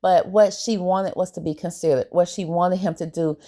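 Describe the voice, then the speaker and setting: A woman giving a casual, opinionated recap of a reality TV episode, animated and colloquial. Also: on the low side, normal speed. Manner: animated, opinionated, briefly acts out quoted lines; relaxed colloquial grammar.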